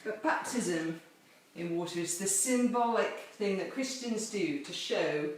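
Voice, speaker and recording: A woman's voice: mid-range voice, animated, measured pace. A woman leading a children's chapel assembly from home, explaining games step by step in a cheerful, playful way. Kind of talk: home video children's lesson. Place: home with garden course, indoors and out. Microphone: camera held by a helper some distance off. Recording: echoey, distant camera mic, faint noise.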